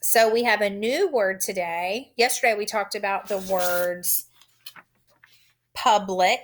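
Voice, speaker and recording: Slow, patient woman teaching phonics. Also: mid-range voice, slight background noise. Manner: slow, clear, patient, sounding out letters. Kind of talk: recorded phonics lesson for young children.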